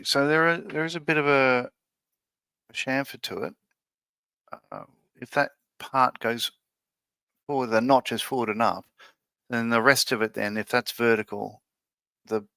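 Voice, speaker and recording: Gravelly man musing on stream. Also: mid-range voice, sharp tone, no room sound. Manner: musing, hesitant, many fillers and restarts. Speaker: livestream host building a model ship. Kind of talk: casual live-stream chat.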